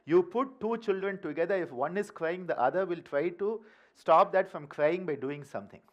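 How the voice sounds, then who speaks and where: Playful high-voiced Indian man teaching. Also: normal speed, lo-fi sound. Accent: Indian English. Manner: animated, playful, asks the room "huh?" often. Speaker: yoga teacher leading a workshop. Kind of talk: lively workshop talk to a group. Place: workshop hall.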